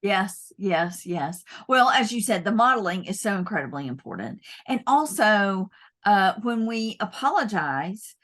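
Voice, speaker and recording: A woman hosts an interview with an effusive, affirming manner. She praises her guest warmly and prompts her for stories. Her voice sits at a middle pitch. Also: very animated, a little slow. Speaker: interview host. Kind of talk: interview hosting.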